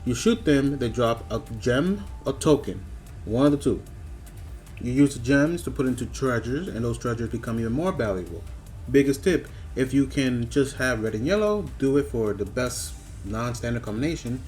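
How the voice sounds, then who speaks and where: A man reviewing a video game in a scripted voice-over, breaking into animated, mock-outraged rants with repeated questions. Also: medium pitch, moderate pace, faint music behind.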